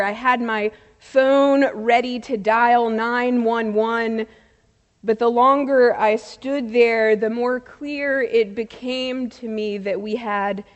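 A woman preaching a sermon, telling a story in a slow, measured way with soft pauses. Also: on the high side. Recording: long reverb of a large hall.

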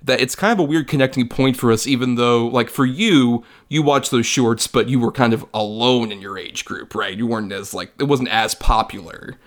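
A man's voice: mid-range voice, normal speed, few pauses. A young man co-hosting a film review podcast, chatting casually with lots of filler words and the odd swear. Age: young adult. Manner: rambling, many filler likes, swears casually. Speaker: podcast co-host.

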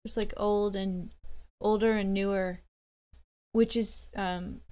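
A woman's voice: medium pitch, steady tone, slow pace, mellow, clean tone. A woman musician guest chatting casually in an interview, hesitant and self-deprecating, with many fillers.

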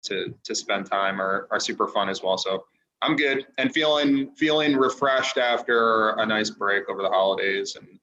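A man with a low but bright, forceful voice answers as a podcast guest. He pauses and restarts often while thinking aloud, and his audio sounds somewhat dull and lo-fi. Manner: reflective, halting, lots of fillers. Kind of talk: podcast interview.

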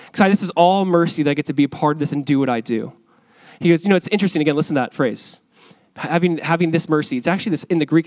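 A man in his thirties delivers a sermon as a pastor. His voice sits high for a man. He talks casually with lively energy and keeps returning to the same key phrases. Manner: conversational, animated preaching with repeated phrases.

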